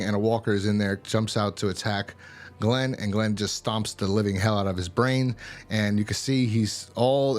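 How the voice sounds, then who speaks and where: A man casually recapping a TV episode in a rambling way, with many fillers and restarts. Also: lowish voice. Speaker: TV episode reviewer.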